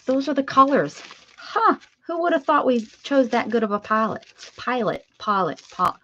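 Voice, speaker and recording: A woman's voice: medium pitch, lively intonation, brisk, fairly bright tone, highs cut off, a little hiss or hum. A woman hosting a crafting livestream, chatting and rambling casually with viewers as she works. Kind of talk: casual chat while crafting.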